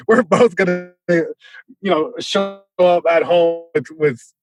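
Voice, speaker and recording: A male comedian telling a story in casual podcast chat, lively, acting out voices, with many restarts. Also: high voice, slow pace, soft background music. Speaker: comedian guest.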